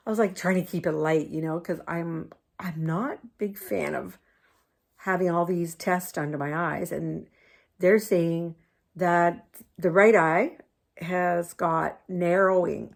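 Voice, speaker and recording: An older woman talks casually to her camera in a chatty, rambling way. She laughs often and slips into a cooing tone when she speaks to her dogs. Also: on the low side. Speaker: vlogger.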